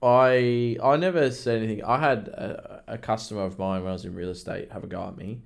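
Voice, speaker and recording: A man's voice: fairly low pitch, fairly even intonation, fairly quick, gravelly. A man co-hosting a podcast, chatting casually and telling work stories bluntly, with some swearing. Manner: blunt, storytelling, swears freely. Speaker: podcast co-host. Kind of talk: casual chat.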